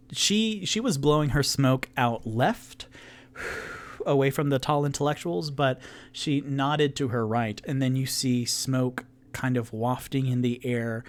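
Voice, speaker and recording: A man narrating as the game master of a tabletop game, describing scenes in a relaxed, casual way. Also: mid-range voice, slow. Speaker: game master and solo player.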